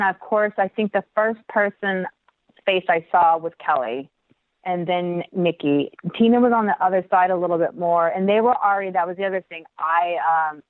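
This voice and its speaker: A woman dancer telling a story in an interview, animated, acting out the voices she quotes and laughing often. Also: medium pitch, dry recording. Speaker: guest dancer. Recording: tinny phone-like line, dry.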